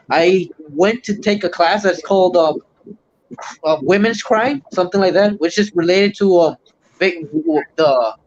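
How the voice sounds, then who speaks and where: High-voiced man ranting. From Puerto Rico. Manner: profane, heated ranting. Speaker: livestream host. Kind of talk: casual chat. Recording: muffled lo-fi stream audio.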